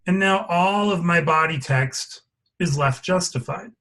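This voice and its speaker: Male instructor, slightly high voice, walks through a screen demo step by step, asks for questions. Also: unhurried, bright, forceful tone. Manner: explains step by step, checking for questions. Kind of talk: live software lesson with screen demo.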